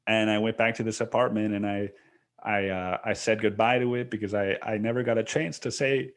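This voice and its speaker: Podcast host, young adult man, lower voice, loose and confessional, casual swearing. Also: normal speed. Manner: rambling and candid, says "dude" and "man" often, swears casually. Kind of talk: casual solo podcast monologue.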